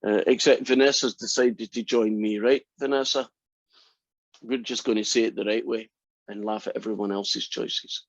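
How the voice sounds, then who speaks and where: At a moderate pace and in a steady tone, a male math instructor with a fairly low voice talks his calculus class through derivatives, peppering the lecture with teasing, wry asides. The classroom recording is muffled and dry, with no room sound.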